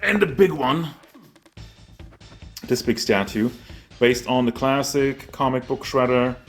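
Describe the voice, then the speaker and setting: A man gives a casual tour of his toy collection indoors at home among figure shelves, rambling and self-mocking. He's out of breath as he moves around with a handheld camera. His medium-pitched voice is expressive and slow, with faint music behind.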